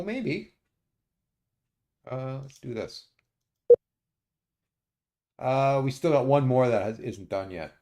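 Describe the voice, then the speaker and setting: A man streaming a strategy game, muttering his moves to himself and often pausing with uhs. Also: mid-range voice, creaky, darkish tone, slight background noise. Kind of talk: casual let's-play commentary.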